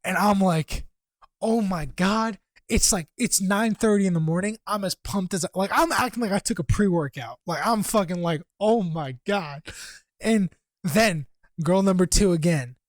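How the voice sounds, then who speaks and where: A man's voice: high-pitched, moderate pace, no echo. A young man co-hosting a podcast, telling a story in casual chat, swearing freely and acting out what others said. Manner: animated, profane, acts out quotes. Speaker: podcast co-host.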